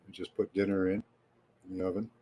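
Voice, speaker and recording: A man with a Canadian accent, hosting a live stream in a relaxed, rambling way and chatting casually with viewers. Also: sits low, fast talker, highs cut off, slight background noise. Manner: relaxed and rambling, with frequent fillers. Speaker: livestream host.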